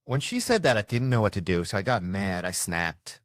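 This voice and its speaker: Guy doing standup, lowish voice, chatty storytelling, dry close mic. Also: normal speed, no echo. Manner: conversational storytelling, animated asides. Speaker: stand-up comedian. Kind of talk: stand-up comedy.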